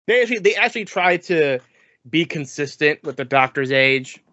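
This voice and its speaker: A man co-hosting a podcast in casual chat, talking in animated bursts, often repeating words and laughing as he mimics others. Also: a little high, moderate pace, no room sound. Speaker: podcast co-host. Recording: dull lo-fi sound.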